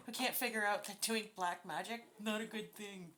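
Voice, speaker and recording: A woman's voice: medium pitch, steady tone, moderate pace, few pauses, pushed and bright, a little hiss or hum. A woman giving a casual spoken tarot reading, blunt and openly indignant, swearing freely as she talks through the cards. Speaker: tarot reader.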